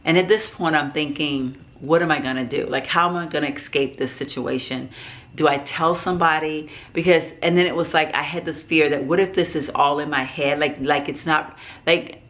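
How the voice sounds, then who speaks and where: A woman's voice: low voice, steady tone, normal speed, a bit bright. A middle-aged woman vlogger telling a personal story in a rambling way, with many fillers and restarts.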